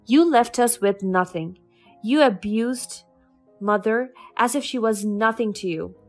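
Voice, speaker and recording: A woman's voice: on the high side, a little slow, faint music behind. A woman reading the lines of a resentful grown daughter who speaks in a cutting, accusing way. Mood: cold.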